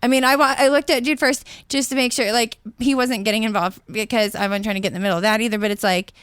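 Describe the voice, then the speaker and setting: A woman hosting a podcast, telling a story in a casual, animated, profane way into a studio microphone. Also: on the high side, fast talker, clean tone, dry recording. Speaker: podcast host.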